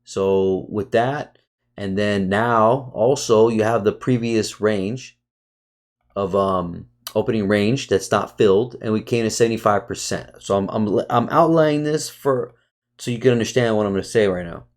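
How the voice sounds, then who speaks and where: A man's voice: lowish voice, normal speed. Profane, heated man reviewing trades. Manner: casual, restarts often. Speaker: trading educator. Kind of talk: screen-share market review.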